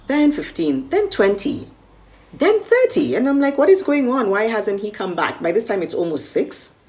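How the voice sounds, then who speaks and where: A woman's voice: lowish voice, a little mellow. A Kenyan woman recounting a personal story vividly and acting out the dialogue. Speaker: media personality recalling a con.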